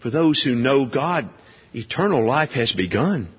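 Slow emphatic man preaching in a reverberant hall. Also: expressive, husky. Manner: slow, emphatic, rising to a high ringing pitch on key words. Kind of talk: sermon. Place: church sanctuary. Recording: dull long-reverb church hall sound.

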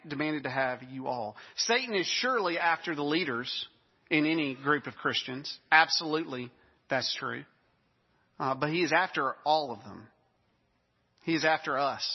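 A man's voice: fairly high pitch, slightly rough, in a large hall, highs cut off. A man preaching a sermon in a conversational way, with self-deprecating asides.

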